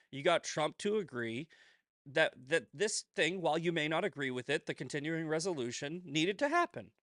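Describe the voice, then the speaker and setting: A man's voice: on the high side, a bit bright, no echo, clean studio sound. Profane, combative male political ranter. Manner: repeats "right?" and "okay?" often. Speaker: political commentary host. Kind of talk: ranting solo commentary.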